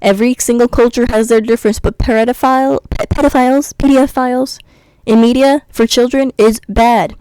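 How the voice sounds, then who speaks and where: Warm, smooth and fairly high, an American woman's voice moves at a fairly quick, steady pace with few pauses as she vlogs a blunt, sarcastic rant. She mocks her commenters in sing-song tones. The recording is dry and low quality.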